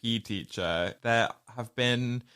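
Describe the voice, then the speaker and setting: A woman's voice: a bass voice, slow pace, smooth. A woman co-hosting a podcast, chatting casually about a film and acting out its lines in voices. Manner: animated, acts out movie lines in voices. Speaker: podcast co-host.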